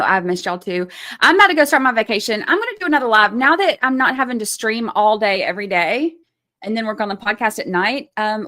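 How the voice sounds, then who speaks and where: A woman's voice: fairly high pitch, bright, forceful tone. A woman hosting a casual livestream, chatting with her viewers, laughing often and drawing out her interjections. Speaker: livestream host.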